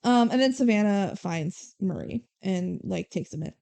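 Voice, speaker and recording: A young adult woman co-hosting a podcast, retelling a movie plot in animated casual chat with swearing and acted-out quotes. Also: mid-range voice, normal speed, vocal fry. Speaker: podcast co-host.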